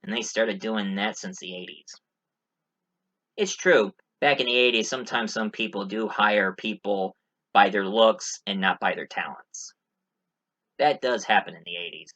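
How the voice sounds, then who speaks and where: A man's voice: fairly low pitch, unhurried, sharp tone, poor audio. Casual male movie reviewer, rambling and jokey. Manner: rambling, many fillers, joking asides.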